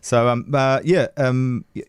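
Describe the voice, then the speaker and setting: A man's voice: mid-range voice, steady tone, a little slow, clear, resonant tone, dry recording, clean studio sound. A man with a New Zealand accent, a comedian guest telling anecdotes in casual podcast chat and acting out quoted lines. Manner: anecdotal, acts out quotes with shifting voices.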